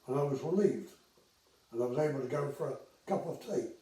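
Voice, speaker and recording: A man's voice: mid-range voice, fairly quick, warm tone, roomy sound, far from the mic, rough recording. An older man casually telling stories from his career, chatty with hesitations and acted-out dialogue. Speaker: retired air traffic controller telling anecdotes. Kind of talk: casual storytelling.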